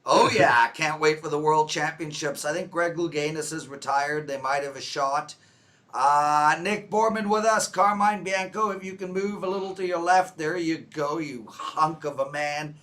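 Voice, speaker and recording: A man with a bright, forward voice hosts a casual sports chat, ribbing his co-hosts and keeping things loud and playful. He talks over a video call. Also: on the high side, fairly even intonation, moderate pace. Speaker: host.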